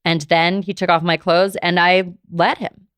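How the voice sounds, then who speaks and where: A woman's voice: fairly low pitch, little pitch movement, unhurried, a bit bright, smooth, dry recording. A woman in her thirties, a podcast host, telling a personal story in a confessional way, filling her speech with "like". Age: 30s. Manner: confessional, heavy use of "like".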